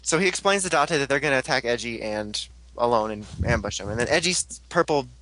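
Bright-voiced young man recapping a show. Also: medium pitch, lively intonation, no room sound. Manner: jokey, quick voice impressions of characters, laughs a lot. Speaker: podcast host recapping a show. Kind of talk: casual recap chat.

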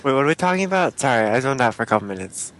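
A man's voice: medium pitch, very animated, racing, fairly bright tone. Man, podcast co-host, casual rambling chat, self-deprecating. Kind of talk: casual chat about cartoons.

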